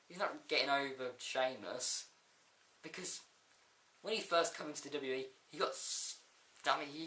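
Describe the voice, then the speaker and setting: A man giving a rambling, excitable casual video review of a wrestling show. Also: fairly high pitch. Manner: excitable, rambling, with frequent fillers and outbursts. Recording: echoey room.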